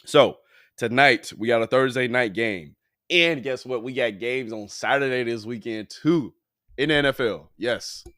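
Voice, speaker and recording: A man's voice: mid-range voice, unhurried, a bit bright, no echo, studio quality. A man hosting a casual sports podcast. He sounds tired and yawns, and his talk is slangy, profane, loose and rambling. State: tired, yawning.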